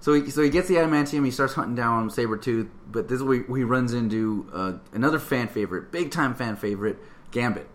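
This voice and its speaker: A man talking casually on a podcast about a film. He rambles, swears freely and laughs often as he picks it apart. His voice sits at an ordinary pitch. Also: fast. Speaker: podcast co-host. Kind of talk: casual movie review chat.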